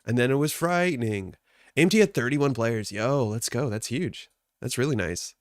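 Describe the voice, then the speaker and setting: A man's voice: mid-range voice, animated, moderate pace, no echo, studio quality. A man hosting a live card game stream, chatting casually and greeting viewers by name, a little stuffed up from allergies.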